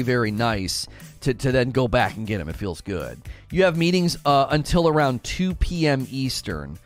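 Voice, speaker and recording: A man streaming a game, chatting casually with viewers, reading their messages aloud and often restarting his sentences. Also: medium pitch. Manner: animated, restarts often, reads chat aloud. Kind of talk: casual live-stream chat while gaming.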